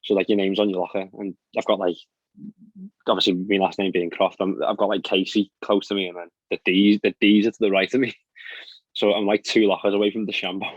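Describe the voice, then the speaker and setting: A man's voice: low voice, flat delivery, no echo. A young man, a professional golfer telling stories in a casual podcast chat, with lots of fillers. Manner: fast, chatty storytelling with frequent fillers and laughs. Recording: dry, dull lo-fi sound.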